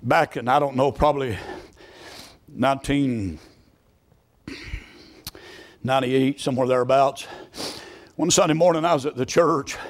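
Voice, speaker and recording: Preacher guy, middle-aged, storytelling that builds to loud fervent shouting. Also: mid-range voice, unhurried, pauses often. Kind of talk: fiery sermon.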